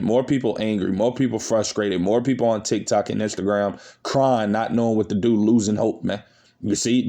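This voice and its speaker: A man with a somewhat low voice delivers an accusatory online sermon. He lectures his audience, breaks in with scripture readings, and keeps tagging his lines with "man" and "you see.". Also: dark tone. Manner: repeats "man" and "you see" at phrase ends; lecturing, accusatory tone toward listeners. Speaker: online preacher.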